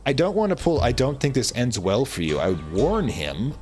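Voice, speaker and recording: A man hosting a let's play who thinks aloud as he decides, with some hesitation. His pitch moves in a lively, animated way, and faint music plays behind him. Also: normal speed. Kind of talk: casual game commentary.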